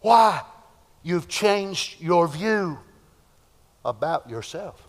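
A man preaching a fervent sermon, swinging between shouts and hushed asides, with long hall reverb. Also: high voice, lively intonation, extremely slow. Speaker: pastor. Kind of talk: Pentecostal sermon.

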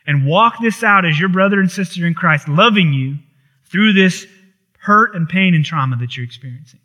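A man's voice: high-pitched, animated, moderate pace, pushed and bright. A man preaching a sermon, impassioned and repetitive, building intensity on key phrases. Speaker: pastor.

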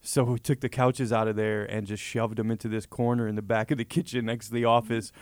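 A man's voice: lowish voice, flat delivery, a little fast, a little mellow, no room sound, clean studio sound. A man chatting casually and easily, laughing between phrases. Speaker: guest. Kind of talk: casual chat.

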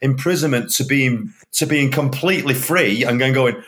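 A man's voice: medium pitch, moderate pace, a bit bright. A man with a Northern English accent, hosting a casual podcast chat and rambling, often repeating his phrases. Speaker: podcast host.

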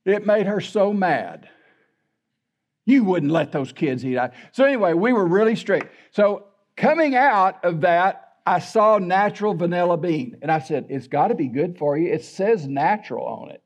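A man's voice: sits high, lo-fi sound. An older man, a pastor preaching a sermon in a folksy, candid storytelling way.

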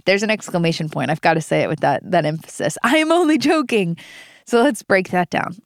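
A woman's voice: low-pitched, animated, fast talker, vocal fry, dry recording, studio quality. A young adult woman hosting a devotional podcast, reading scripture aloud and teaching it with earnest emphasis. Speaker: podcast host.

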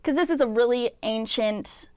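A woman's voice: a little high, normal speed, darkish tone, clean tone, no echo. A young woman co-hosting a podcast, retelling a film in a rambling casual chat full of "like" fillers. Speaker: podcast co-host.

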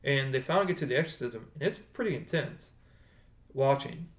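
Man, mid-pitch, casual rambly co-host, roomy echo on the track. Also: expressive, fairly quick. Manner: rambling, self-correcting. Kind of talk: casual chat.

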